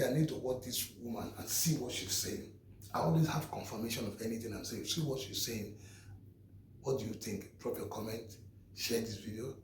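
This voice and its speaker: An earnest man lecturing his viewers with casual advice, circling back to repeat his points. He sounds a little distant from the mic, in a roomy space with faint background noise. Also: medium pitch. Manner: earnest, preachy, repeats himself. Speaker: vlogger.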